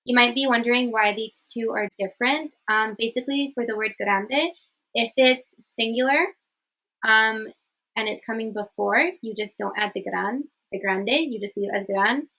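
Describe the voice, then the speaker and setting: A woman's voice: a little high, moderate pace, sharp tone, low-quality recording. A young woman teaching a casual online language lesson, chatty, with many fillers and frequent "okay?" checks. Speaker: Spanish teacher.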